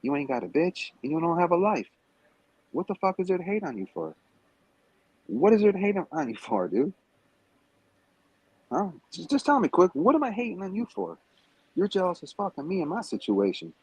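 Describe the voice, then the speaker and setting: A man's voice: high-pitched, sing-song, normal speed, pauses often, darkish tone, husky, no room sound, poor audio. A man in a heated livestream rant, taunting and cursing at a rival, calling in remotely. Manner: profane, confrontational, taunting. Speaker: stream guest. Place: Las Vegas.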